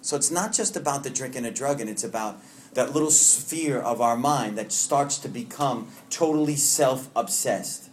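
Speaking at a moderate pace in a mid-range voice, this Long Island man leads a recovery meeting, sharing personally with the group. He's earnest and heartfelt, poking fun at himself along the way, and there's slight background noise.

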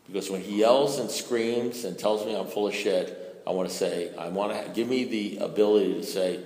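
A man sharing his story as a recovering alcoholic at a recovery meeting, in a conversational way full of "you know"s that rises to loud bursts. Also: on the low side, normal speed. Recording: echoey hall reverb.

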